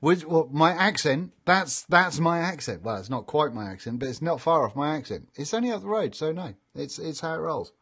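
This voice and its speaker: A man's voice: fairly high pitch, very animated, moderate pace, few pauses, fairly bright tone, slightly rough. A middle-aged man with a chatty, jokey manner, hosting a casual live stream and reading out viewer comments. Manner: chatty and jokey, laughs often.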